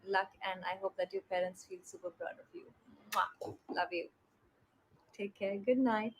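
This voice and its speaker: A woman's voice: a little high, a bit bright, low-quality recording. A young woman hosting a live stream, chatting affectionately with viewers and greeting them by name.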